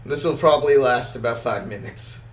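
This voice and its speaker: A man's voice: mid-range voice, a little fast. A man running a tabletop game as game master, laid-back and laughing often. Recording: roomy audio from off-mic.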